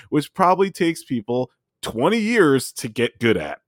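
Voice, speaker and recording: Lively, rambling man with a dry sound. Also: fairly high pitch, normal speed, few pauses, dry recording. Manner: lively, rambling, swears casually, many fillers. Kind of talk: casual chat.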